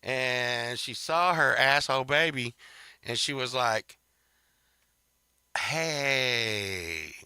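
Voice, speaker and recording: A man's voice: mid-range voice, measured pace, bright, forceful tone, smooth, no echo, clean studio sound. A man hosting a podcast, telling a story in a rambling, profane, casual way with laughing asides. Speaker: podcast host.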